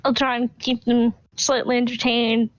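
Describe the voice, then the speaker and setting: Casual high-voiced woman player on a dull lo-fi recording. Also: level tone, moderate pace, no room sound. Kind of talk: tabletop game play.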